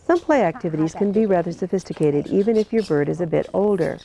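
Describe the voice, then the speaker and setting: A woman narrates an instructional video in a calm, measured voice. Her voice sits low, with a gravelly edge and a dark, mellow tone. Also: rough recording. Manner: calm, measured explanatory delivery.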